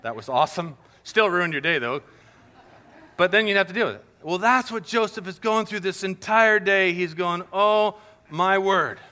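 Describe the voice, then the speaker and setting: A man preaching to children and families, animated and playful, acting out little scenes as he tells the story. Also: high-pitched, normal speed. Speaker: pastor. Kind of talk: sermon to kids and families.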